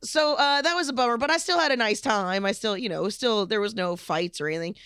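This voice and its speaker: A woman co-hosting a podcast, telling stories in an animated, profane, casual way. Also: on the high side, fairly quick, smooth, no room sound, clean studio sound. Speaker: podcast co-host. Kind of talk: casual chat.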